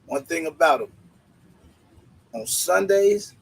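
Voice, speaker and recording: A man's voice: fairly high pitch, expressive, takes it slowly, creaky, breathy edge, low-quality recording. A man hosting a casual livestream, greeting viewers by name in laid-back slang. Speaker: livestream host.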